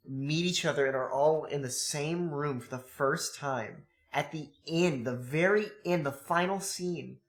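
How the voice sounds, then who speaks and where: A man co-hosting a podcast, explaining his points at length in casual chat, swearing casually. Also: medium pitch. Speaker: podcast co-host. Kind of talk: casual movie-review chat.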